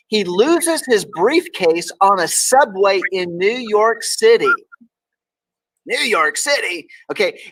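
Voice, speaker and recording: A man's voice: high voice, fairly bright tone, no room sound, low-quality recording. A man from Texas hosting a casual talk show, reading daily quotes aloud with playful emphasis. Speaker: host.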